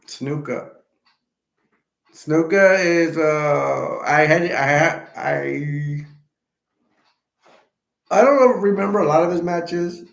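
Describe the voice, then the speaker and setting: A man hosting a live stream, chatting in a halting, rambling way with many restarts and self-corrections, with hiccups. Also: on the high side, vocal fry, reverberant.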